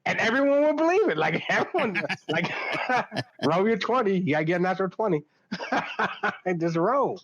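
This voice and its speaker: A man in casual chat as a podcast co-host, excitable and swearing freely, laughing often as he talks about a tabletop game. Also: high voice, normal speed, highs cut off.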